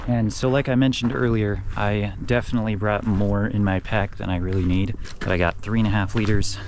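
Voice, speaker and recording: A young man talks to his camera on a mountain trail, a little winded and getting over a cold, his voice sitting on the low side. He keeps it easygoing and jokes about himself. Steady outdoor noise runs behind him in the camera audio. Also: a little fast. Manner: easygoing, self-joking. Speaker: van life vlogger. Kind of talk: casual vlog narration while hiking.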